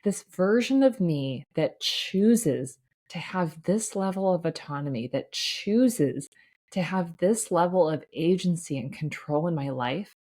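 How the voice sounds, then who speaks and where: A woman's voice: fairly low pitch, lively intonation, measured pace, darkish tone. A woman hosting a solo podcast as a life coach, talking in an earnest, reassuring way with frequent "right?" asides.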